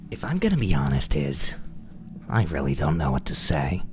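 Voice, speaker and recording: A man plays a worn-out young boyfriend who keeps his voice hushed and half-whispered, pitched extremely deep. The comedic reading has faint music under it. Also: moderate pace. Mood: weary. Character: weary young man answering a clingy partner.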